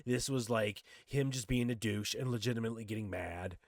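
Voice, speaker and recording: Guy ranting on a podcast, swears a lot, does loud voices for people he quotes, dry close sound. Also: lowish voice, a little fast, dry recording. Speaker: podcast co-host. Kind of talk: casual chat.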